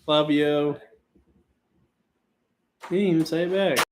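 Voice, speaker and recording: A man's voice: a little high, steady tone, slow. A man co-hosting a podcast, joking casually and acting out voices in his anecdotes. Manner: joking, acts out quoted voices in his stories. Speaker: podcast co-host. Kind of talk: casual storytelling chat.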